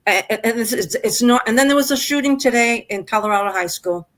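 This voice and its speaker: Calling in as a guest to a live stream, an older woman speaks fast in a slightly high, somewhat bright voice. The chat is emotional; she is upset, rambling, and keeps stumbling into stammered restarts.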